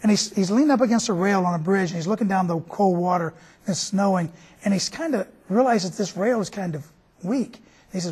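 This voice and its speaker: A man's voice: sits high, fairly quick, a little mellow, husky. A man hosting a TV show, telling a story in a folksy, conversational way. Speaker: TV show host.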